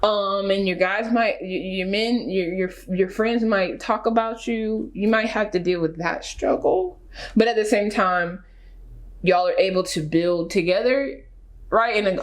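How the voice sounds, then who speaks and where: A woman vlogger giving casual reaction commentary, emphatic and animated, full of rhetorical questions. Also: mid-range voice, unhurried.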